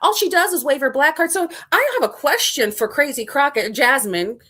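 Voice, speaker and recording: A woman's voice: high-pitched, lively intonation, moderate pace, bright, forceful tone. A middle-aged woman co-hosting an opinionated commentary show, sarcastic and mocking. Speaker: co-host.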